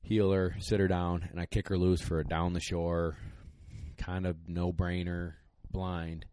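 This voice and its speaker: This dog trainer is a young man whose low-pitched voice moves a little slowly, captured in a dry recording. Telling a podcast story casually, he wanders off track, sounds excited and emotional, and fills his speech with fillers.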